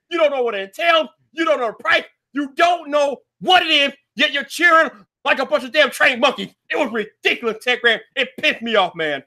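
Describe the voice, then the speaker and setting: A young man hosts a ranting tech show in a very high, cutting voice, talking loudly and with exasperation. He often bursts into shouts and swearing, each complaint sharp and bright. He speaks a little fast and barely pauses.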